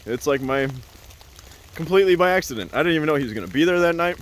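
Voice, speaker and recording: A man's voice: a little high, lively intonation, fast talker. A man telling a casual, rambling story as a vlogger, full of "like" and "uh" and laughing often.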